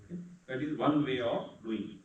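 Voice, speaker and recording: A man teaching a class, explaining patiently step by step and chanting verses slowly. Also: medium pitch, expressive, darkish tone, lo-fi sound. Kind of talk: lecture on Sanskrit meter. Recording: echoey room, distant mic.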